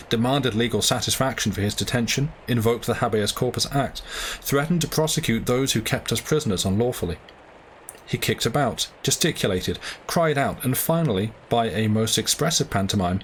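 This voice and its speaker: A man narrating a classic novel aloud in a steady, measured way on a livestream. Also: lowish voice, a little hiss or hum, rough recording. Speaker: reader of a novel.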